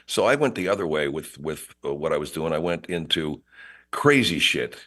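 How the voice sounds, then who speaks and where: A man guesting on a radio show, telling stories in an animated way and acting out the people he quotes. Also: a little fast. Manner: animated storyteller, swings pitch, acts out quotes. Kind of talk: casual radio interview storytelling.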